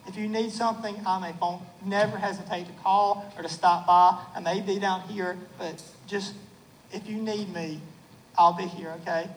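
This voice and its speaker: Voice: medium pitch, fairly even intonation, normal speed, a little hiss or hum, poor audio. Preacher repeating key phrases for emphasis. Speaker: pastor. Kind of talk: sermon. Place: church.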